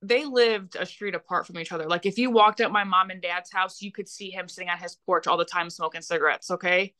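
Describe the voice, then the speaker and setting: Woman, young adult, podcast guest, blunt, heated, swears a lot, bright tense voice. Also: lowish voice, fairly even intonation, fairly quick. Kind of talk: emotional personal storytelling.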